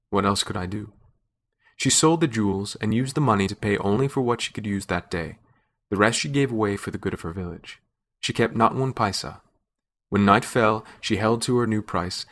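Low-voiced male story narrator. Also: fairly bright tone. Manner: measured first-person storytelling. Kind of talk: scripted narration.

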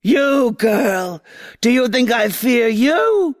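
A woman voicing a furious female grass spirit queen, shouting in a brassy, booming voice with whip-crack syllables. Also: very animated, takes it slowly. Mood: raging.

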